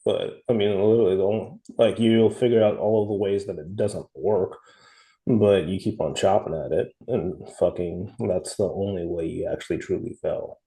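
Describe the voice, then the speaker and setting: A man's voice: sits low, fairly even intonation, normal speed, mellow, poor audio. A man co-hosting a podcast in casual chat, blunt and emphatic, swearing freely. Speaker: podcast co-host.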